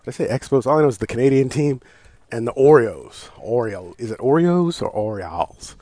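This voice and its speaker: A man's voice: mid-range voice, a little fast, no room sound. An American man hosting a casual talk show, ranting about sports with lots of swearing, laughs and restarts. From United States. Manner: loose, swearing, laughs and restarts, animated outbursts. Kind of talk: casual profane sports rant.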